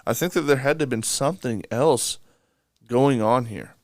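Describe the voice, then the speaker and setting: A man co-hosts a relaxed podcast conversation, working through ideas out loud. He asks rhetorical questions and drops slang as he thinks. His voice sits at an ordinary middle pitch, recorded dry with no room sound. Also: normal speed, dry recording. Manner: slangy, musing, questioning aloud. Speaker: podcast co-host. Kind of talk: casual Bible discussion.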